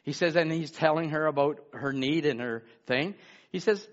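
A man preaching a sermon, swinging from loud exclamations to hushed asides. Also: on the high side, animated, a little slow. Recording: muffled lo-fi sermon recording.

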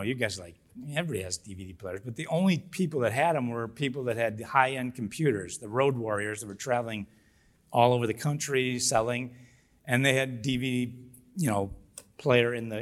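Middle-aged guy telling a founder story in an interview, laughs a lot, acts stuff out. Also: mid-range voice. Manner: animated, laughs often, acts out quotes. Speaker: business founder guest.

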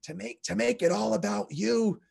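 A man in relaxed podcast chat, agreeable and halting, often restarting his sentences. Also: high voice, creaky, husky. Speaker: podcast co-host. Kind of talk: casual chat.

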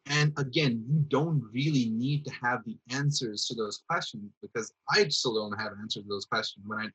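A man's voice: mid-range voice, normal speed, a bit bright, slightly rough, dull audio. A man, a theatre artist, talking reflectively as a guest, rambling thoughtfully with lots of fillers. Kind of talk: reflective casual conversation.

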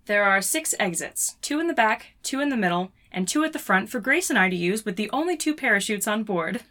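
A woman's voice: mid-range voice, expressive, a little fast, pushed and bright. A woman playing a jaded flight attendant who makes dry, mocking asides. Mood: announcing.

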